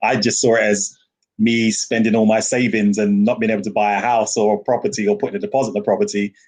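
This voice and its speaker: Husky low-voiced enthusiastic man. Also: fast talker. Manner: enthusiastic, animated storyteller who laughs often. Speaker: guest, rum ambassador. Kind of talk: podcast interview. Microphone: video call.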